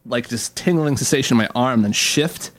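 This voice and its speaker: A man's voice: mid-range voice, moderate pace. Rambling young man telling a story. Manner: rambling storyteller, many "like" fillers. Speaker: co-host. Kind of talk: casual comedy radio chat.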